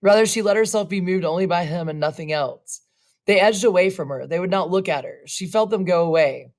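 A woman reading a short story aloud, slow and expressive, now and then adding casual asides. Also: on the low side. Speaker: reader.

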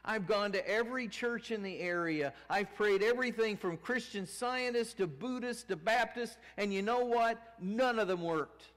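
A man voicing a bitter, frightened woman in her fifties who talks high, sharp and exasperated. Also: normal speed, few pauses. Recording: long church reverb.

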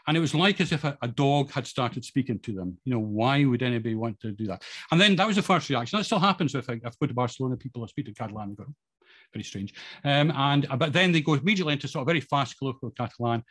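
A middle-aged Scottish man talks quickly and informally to an audience, walking them through slides. He rambles, fills pauses with plenty of ums, restarts sentences and pokes fun at himself. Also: medium pitch, expressive, fairly bright tone, slightly rough. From Scotland. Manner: self-deprecating humour. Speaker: guest speaker.

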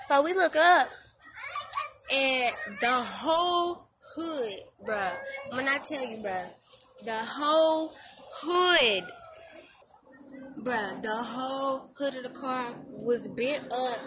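A woman vlogger telling a story in casual slang, animated and laughing as she talks, recorded outdoors. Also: high voice, normal speed, background noise.

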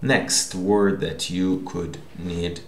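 A man teaching a language lesson, repeating words slowly and checking in with the listener. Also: sits low, fairly even intonation, slight background noise. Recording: echoey room.

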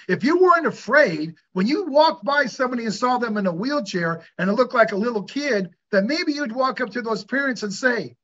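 A middle-aged man talks in a high voice as a guest in an interview. He tells stories earnestly and preaches a little, asking rhetorical questions. The recording sounds dull and lo-fi. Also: animated, fairly quick, hardly any pauses, a bit bright. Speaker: hyperbaric clinic owner, guest. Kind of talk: conversational interview storytelling.

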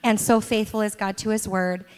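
Inside a church sanctuary with a long, echoing reverb, a middle-aged woman recounts stories about her children during a stage interview. Her mid-range voice is clear and resonant, with fairly even intonation at normal speed, and she laughs warmly and often.

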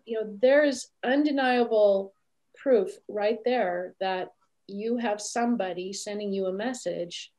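A woman guest telling a story in an interview over a video call, lively and acting out what others said. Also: medium pitch, a little slow. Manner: animated, acts out quoted voices. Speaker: animal communicator guest.

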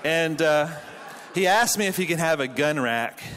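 A man's voice: a little high, lively intonation, moderate pace, noisy background. A man in his thirties giving a humorous conference sermon. He tells jokey family stories and then turns to earnest Bible teaching, speaking in a conference hall.

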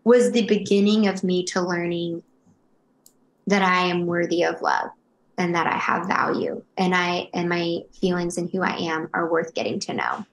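A woman's voice: fairly low pitch, normal speed. A woman in her thirties, a guest telling her story in an interview, earnest and emotional, with many restarts. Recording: roomy echo.

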